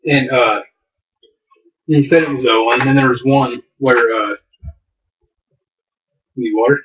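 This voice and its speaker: A man's voice: mid-range voice, fairly even intonation, a little slow. Rambling man on a distant, dull mic. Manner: rambling storyteller, many fillers and restarts. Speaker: podcast co-host. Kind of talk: casual chat.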